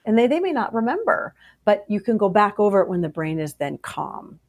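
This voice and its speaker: Animated woman psychologist giving advice. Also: mid-range voice, a little fast. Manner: animated, acts out parent and child voices. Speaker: child psychologist guest. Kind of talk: interview answers.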